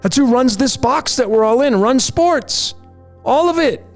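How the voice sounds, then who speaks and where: Very high-pitched male host, insistent slide-by-slide commentary, faint music bed underneath. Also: expressive, a little slow. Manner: insistent, repeats "folks" and "there it is". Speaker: numerology channel host. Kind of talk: conspiracy commentary over slides.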